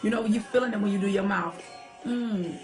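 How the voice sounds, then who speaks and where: A woman hosting a late-night livestream from home, chatting softly and reading viewer comments aloud. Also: medium pitch, a little fast. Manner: chatty, talks to viewers as y'all, soft half-whispered. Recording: faint music behind the voice. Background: old-school music playing.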